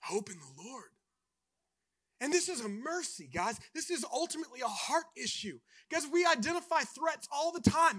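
A man preaching a sermon with passion, swinging between hushed, intimate lines and loud emphatic ones. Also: very high-pitched, sing-song, normal speed. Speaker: pastor.

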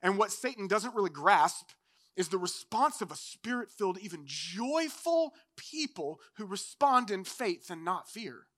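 High-voiced, bright young male preacher. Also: very animated, a little slow. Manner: impassioned, swings from loud declarations to hushed near-whispers. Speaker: pastor. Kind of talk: sermon.

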